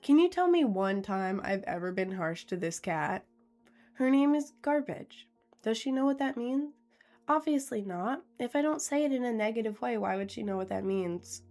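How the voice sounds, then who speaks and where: A giggly young woman streaming live, her voice sitting a little high as she chats. She reads viewers' questions out loud and answers them in a playful, easygoing way. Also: lively intonation, normal speed, faint music behind. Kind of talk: casual live-stream chat.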